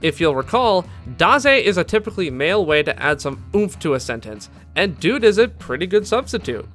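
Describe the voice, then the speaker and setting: A man's voice: high-pitched, very animated, moderate pace, fairly bright tone, faint music behind. A man giving scripted video-essay narration as an anime commentator, enthusiastic and candid with fan asides.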